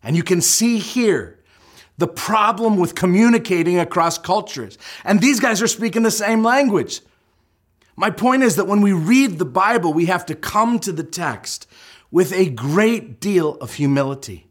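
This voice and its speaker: Brief: middle-aged pastor, slightly high voice, explanatory sermon delivery with emphatic key points. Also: male voice, lively intonation, a little slow. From United States.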